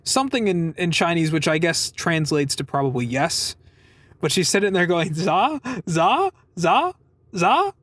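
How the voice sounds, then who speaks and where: A man's voice: on the high side, lively intonation, normal speed, fairly bright tone, no echo. Rambling, swearing young man telling a story. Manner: rambling, swears a lot, laughs while telling. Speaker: vlogger telling a work story. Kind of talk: casual storytelling.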